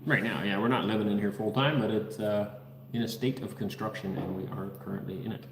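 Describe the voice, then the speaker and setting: A man's voice: lowish voice, steady tone, a little fast, echoey room, in a large hall, background noise. A man from the Netherlands hosting a casual livestream from an unfinished house, reading viewers' comments and names aloud in an easygoing way. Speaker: livestream host. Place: unfinished house under construction.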